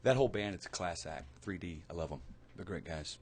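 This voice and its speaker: A man's voice: deep voice, expressive, fairly quick, breathy edge. A man co-hosting a casual radio talk show, telling a story earnestly and acting out what people said. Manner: earnest storyteller, acts out quotes.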